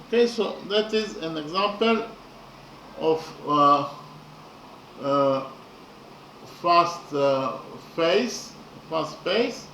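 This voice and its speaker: High-voiced guy, explaining verse meter slow and halting, roomy echo, mic a bit far off. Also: lively intonation, pushed and bright, slight background noise. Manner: halting, repeats words with many fillers. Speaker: lecturer.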